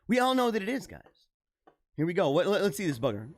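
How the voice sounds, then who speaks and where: A young man talks through odd news stories in a loose, joking commentary style. His pitch moves widely up and down as he gets excited. He laughs often and circles back over his own phrases. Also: fast talker. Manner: animated, laughs often, repeats himself. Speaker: commentary show host. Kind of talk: casual reaction commentary.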